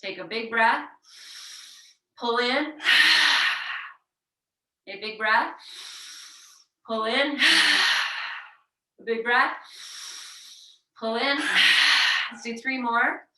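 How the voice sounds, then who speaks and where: Bright-voiced woman guiding a yoga class. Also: on the high side, steady tone, slow, long pauses. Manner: gentle, encouraging cues with audible breathing demonstrations. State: sweating from exertion. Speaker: yoga teacher. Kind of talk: guided yoga class instruction. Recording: roomy echo, voice heard from a distance.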